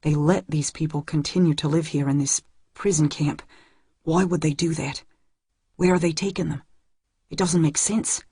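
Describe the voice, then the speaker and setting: A woman voicing a hushed, tense young man. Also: low-pitched, steady tone, normal speed, long pauses, husky, no echo, studio quality, exaggerated voice. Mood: hushed urgent.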